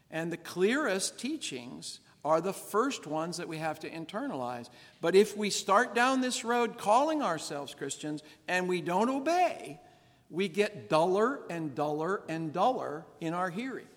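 A male pastor delivering an earnest, emphatic sermon full of rhetorical questions. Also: on the high side. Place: church. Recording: reverberant church sanctuary.

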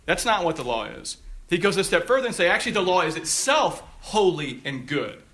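Emphatic high-voiced male pastor. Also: very animated, a little fast, a bit bright. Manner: emphatic, rising on quoted scripture. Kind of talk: sermon.

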